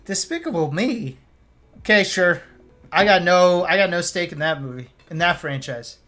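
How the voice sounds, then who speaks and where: A young man with a fairly high-pitched voice rants on a live stream. He is blunt and sarcastic, and he swears freely in a casual tone. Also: lively intonation, moderate pace, sharp tone, faint music behind.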